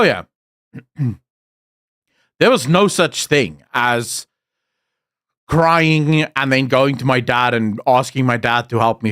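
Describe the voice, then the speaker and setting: A man's voice: medium pitch, fairly bright tone, no room sound, clean studio sound. Blunt, sweary South African man. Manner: blunt, profane storytelling. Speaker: streamer. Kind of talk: casual chat.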